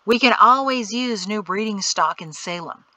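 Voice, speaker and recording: A woman reading an audiobook voices a calm, wry male guide in a matter-of-fact way. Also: high voice, moderate pace, no echo, rough recording.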